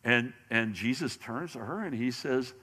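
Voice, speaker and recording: A man teaching a Bible lesson in sermon style, animated and often restarting his words, speaking to an audience in a large hall. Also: mid-range voice, measured pace. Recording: long hall reverb.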